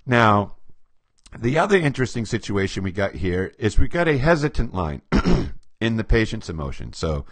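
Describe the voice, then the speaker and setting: A man's voice: mid-range voice, a bit bright, dry recording. A man working as a behavior profiler who explains personality types with stories, acting out quotes and chuckling often. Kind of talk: storytelling explanation to camera.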